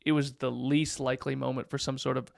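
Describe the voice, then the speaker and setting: A man in his thirties, a pastor, telling a story in a relaxed chat with plenty of fillers. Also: mid-range voice, brisk, vocal fry, no echo, clean studio sound. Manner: animated storyteller, many fillers. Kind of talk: casual podcast storytelling.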